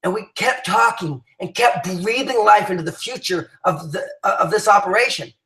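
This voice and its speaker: A man's voice: high voice, animated, moderate pace, fairly bright tone, roomy sound, low-quality recording. A man giving an emphatic motivational talk to his team, rallying them with many restarts and fillers. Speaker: business leader addressing his team.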